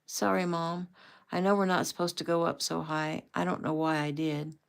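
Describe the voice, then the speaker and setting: An injured little boy speaks in a small, whimpering voice, as a woman reading a novel puts him on. He sounds quiet and sorry, with a gravelly rasp underneath. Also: deep voice, flat delivery, normal speed. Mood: hurting.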